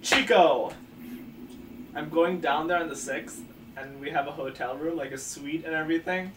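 A teenage guy with a fairly high voice, teasing in a talkative way. He sits back from the mic in an echoey room, with a steady noise behind him. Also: normal speed, distant mic. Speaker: podcast co-host. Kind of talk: casual chat.

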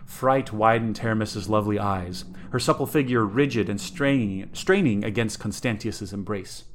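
A man's voice: lowish voice, moderate pace, a little hiss or hum. A man co-hosting a podcast, narrating a story aloud and then chatting enthusiastically and jokily. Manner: enthusiastic, jokey in chat. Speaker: podcast co-host reading aloud. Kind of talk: story narration and casual chat.

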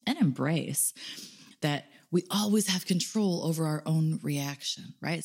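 A woman in her thirties hosts a podcast in a casual monologue. She talks candidly and laughs often, and she swears freely. Her voice sits a little low. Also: creaky, darkish tone. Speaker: podcast host.

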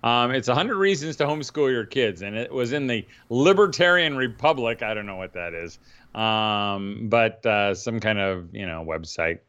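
A man's voice: fairly low pitch, lively intonation, moderate pace, a bit bright, smooth, lo-fi sound. A man co-hosting a podcast, telling rambling stories in casual chat and laughing often. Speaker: podcast co-host.

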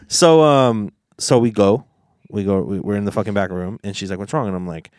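A man's voice: fairly low pitch, moderate pace, darkish tone, dry recording, clean studio sound. A young man hosting a casual podcast, retelling a story in a rambling way with lots of fillers and swearing. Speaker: podcast host.

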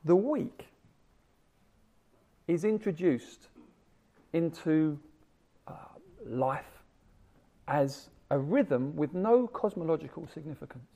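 A man preaching a sermon in a gravelly voice that sits a little high. His delivery is animated, with a wide-ranging pitch. He swings between loud emphasis and hushed, almost whispered asides. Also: takes it slowly, long pauses.

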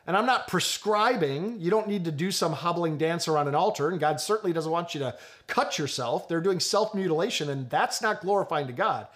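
Guy preaching in a high voice, lively and jokey, talking right to the church. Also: normal speed. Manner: animated, joking, addresses congregation directly. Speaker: pastor. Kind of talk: sermon.

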